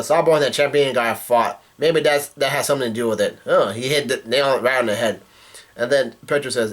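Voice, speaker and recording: A man's voice: mid-range voice, fairly bright tone. A man casually reading comic dialogue aloud and breaking in with profane asides. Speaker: manga reaction youtuber.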